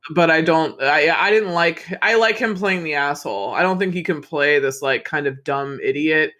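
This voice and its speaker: A man's voice: on the high side, normal speed. A man co-hosting a podcast, recapping a movie in casual chat, swearing often and acting out the characters' lines. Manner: animated, swears often, acts out quotes. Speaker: podcast co-host.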